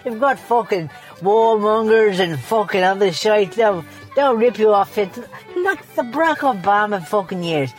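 A foul-mouthed grouch , as a man puts him on, delivers a mocking news roundup full of swearing. His voice swings wildly in pitch. Faint music plays behind him. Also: lively intonation, moderate pace. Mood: ranting. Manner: profane, ranting, mocking. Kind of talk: comedic character rant.

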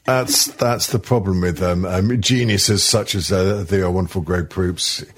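A man co-hosting a comedy podcast, talking in a halting way with lots of ums, restarts and swearing. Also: deep voice, steady tone. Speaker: podcast co-host. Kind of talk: casual comedy chat.

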